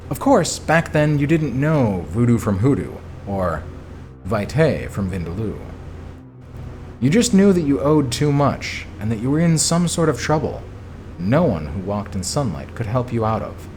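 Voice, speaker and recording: A man's voice: medium pitch, big pitch swings, a little slow, a little mellow. A man streaming himself reading a text adventure game aloud, chatty, with casual asides. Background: faint background music.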